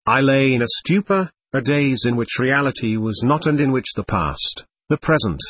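Man narrating a story, husky voice. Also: mid-range voice, lively intonation, fairly bright tone, dry recording. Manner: measured storytelling, voicing dialogue in quotes. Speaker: audiobook narrator. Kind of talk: scripted narration.

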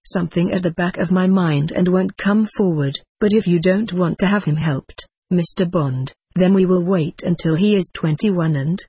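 Reader voicing a blunt male doctor, middle-aged, husky, plain-spoken, dry close sound, mid pitch. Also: a little mellow, dry recording.

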